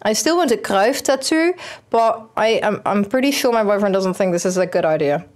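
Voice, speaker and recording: A young woman, streaming a football manager game and chatting excitedly at it. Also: mid-range voice, normal speed. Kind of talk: casual game commentary.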